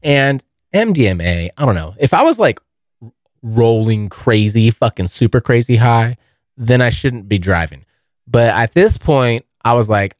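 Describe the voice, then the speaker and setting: A man's voice: medium pitch, expressive, a little slow, no echo, studio quality. A young man hosting his own podcast, telling a long story in a rambling, casual way, swearing often and calling listeners dude. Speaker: podcast host.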